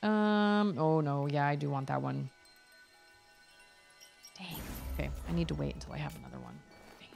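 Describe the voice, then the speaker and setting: A young woman streaming a video game, chatting casually and thinking out loud as she plays. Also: low-pitched, big pitch swings, normal speed, creaky, long pauses, faint music behind. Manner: chatty, musing aloud, reading chat. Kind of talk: casual gameplay commentary.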